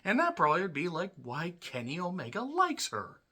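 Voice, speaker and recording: A man rants through a solo wrestling review in a fairly high, bright voice that swings widely in pitch. He is blunt and swears freely, and he keeps stopping to clear his throat. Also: huge pitch swings, a little fast. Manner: ranting, blunt and profane.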